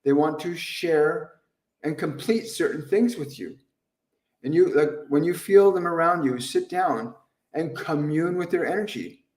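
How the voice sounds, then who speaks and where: A man's voice: a little high, measured pace, a little mellow, far from the mic. Earnest man in an echoey room. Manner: earnest, grateful, repeats phrases, laughs often. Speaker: medium hosting a live Q&A. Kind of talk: livestream talk.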